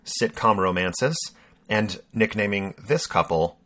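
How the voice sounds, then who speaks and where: A man co-hosts a podcast in relaxed, teasing conversation, wandering through his thoughts. His voice sits a bit low but comes across bright and forward. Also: takes it slowly. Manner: jokey, rambling, teasing. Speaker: podcast co-host. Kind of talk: casual chat.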